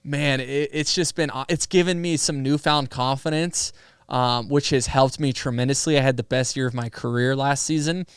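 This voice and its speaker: Animated young man with a smooth voice. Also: medium pitch, normal speed, no echo, studio quality. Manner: animated, laughs often, many fillers. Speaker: podcast guest, pro athlete. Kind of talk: casual storytelling conversation.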